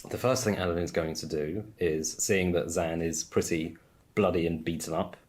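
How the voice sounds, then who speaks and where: A man playing a tabletop game, calmly explaining what he does on his turn. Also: deep voice, moderate pace. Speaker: player.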